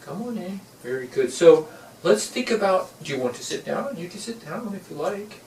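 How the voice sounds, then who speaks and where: A man speaks in a gentle, formal big-brother tone, as if coaxing a child closer. His voice is a little high and swings around a lot. He sounds far from the mic in an echoey room, with clear noise underneath. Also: sing-song, brisk. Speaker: performer in a scene study. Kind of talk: coaxing talk to a child in a scene. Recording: roomy, distant, noisy room recording.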